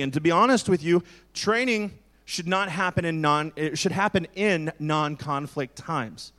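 Male pastor in his forties, fairly high voice, preaches candidly with jokes and asides. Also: normal speed, a bit bright. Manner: candid, joking, conversational preaching. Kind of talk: sermon.

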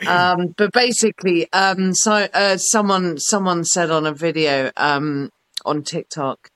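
A woman's voice: fairly low pitch, fairly even intonation, unhurried, a bit bright, no room sound. A woman in her forties, a podcast guest telling rambling, sweary stories with lots of fillers. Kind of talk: casual chat, telling anecdotes.

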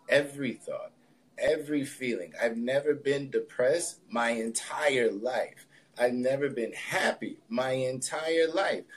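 A man guest on a podcast interview, telling a personal story in a relaxed, reflective way with plenty of casual fillers. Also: mid-range voice. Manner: relaxed, reflective, loose with fillers like "you know" and "like". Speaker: podcast guest, spiritualist and healer.

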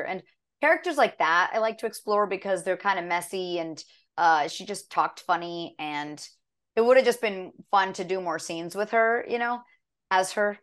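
Chatty woman telling animated stories. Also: on the low side. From half American. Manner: chatty, animated storytelling with acted quotes. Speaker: voice actress guest. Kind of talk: casual interview chat.

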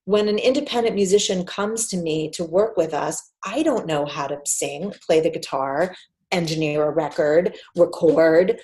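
A woman's voice: fairly low pitch, moderate pace. A woman in her forties, a PR agency founder, telling vivid stories as a podcast guest. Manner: animated storyteller, acts out quoted voices. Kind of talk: casual storytelling interview.

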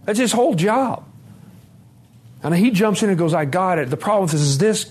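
A man giving a candid personal testimony at a conference, dropping to a hush and then rising loud and laughing. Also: sits high, animated, normal speed, breathy edge. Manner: candid, swings between hushed and loud, laughing. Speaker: speaker sharing his recovery story. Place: conference hall.

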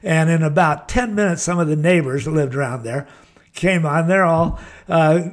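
Older American guy, rambling laid-back storyteller, a bit high-pitched. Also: moderate pace. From United States. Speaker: guest. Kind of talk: casual storytelling.

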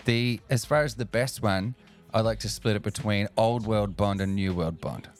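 Blunt low-voiced man, faint music. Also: moderate pace. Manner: blunt, opinionated, swears. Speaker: podcast co-host. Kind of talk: casual sports chat.

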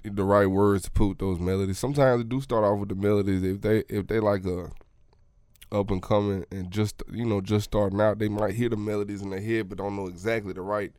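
Laid-back, low-voiced Mississippi studio engineer man. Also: fairly even intonation, brisk, darkish tone, smooth, no echo. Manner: laid-back, explanatory, many fillers. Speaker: podcast co-host, studio engineer. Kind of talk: casual chat.

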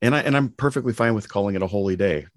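A man's voice: fairly low pitch, very fast, no echo, studio quality. A man co-hosting a podcast, talking casually and laughing often. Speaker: podcast co-host. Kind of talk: casual conversation.

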